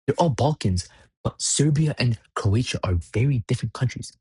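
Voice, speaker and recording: A man's voice: mid-range voice, lively intonation, normal speed, a little mellow, husky, no echo, studio quality. A young man vlogging in a blunt, profane, rambling rant. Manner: blunt, swearing, rambling with restarts. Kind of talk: profane ranting monologue.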